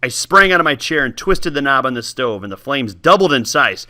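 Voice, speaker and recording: A man reading a novel aloud with lively, expressive storytelling, then talking casually about the book. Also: mid-range voice, brisk. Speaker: teacher giving book talks.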